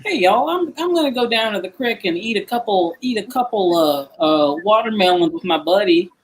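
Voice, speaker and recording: A man putting on a halting, hammy Southern US accent for a comedy bit. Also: sits high, expressive, pitched above the performer's own voice. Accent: put-on Southern US. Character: man with a put-on Southern drawl.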